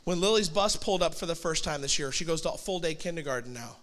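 A pastor in his forties, with a high, light male voice, preaches a sermon like a chatty story full of quick asides. His intonation is lively and his tone fairly bright.

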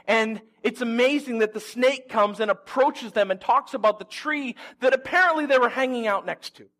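A high, light-voiced man preaches in a relaxed, conversational way. He tells the story with animation and drops in humorous asides as he goes. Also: moderate pace. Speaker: pastor. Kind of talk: conversational sermon.

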